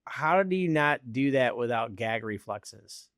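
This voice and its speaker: A man hosting a podcast, who prompts his guest with short reactions and quick questions. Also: medium pitch, animated, a bit bright. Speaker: podcast host. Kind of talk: casual interview.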